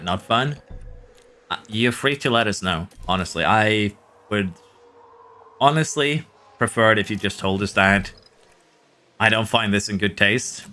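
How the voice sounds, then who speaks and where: A Norwegian man talks casually to his stream audience as he plays. His voice sits a little low but has a bright, forceful edge. He keeps an easygoing tone, reading out chat and chuckling often. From Norway. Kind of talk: casual live-stream chat while playing.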